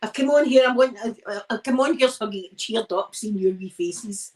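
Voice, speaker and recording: Between yawns, a tired Scottish woman irons and rambles on her ASMR livestream, teasing herself along the way. Her fairly high, slightly mellow voice moves a little fast. It's a rough recording.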